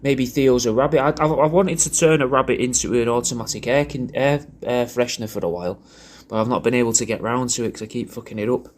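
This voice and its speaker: A man's voice: mid-range voice, fast talker. Rambling crude man. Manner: rambling, repeats himself, crude jokes, puts on silly voices in quotes. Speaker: comedian recording a personalised video message. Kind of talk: rambling crude comic birthday message.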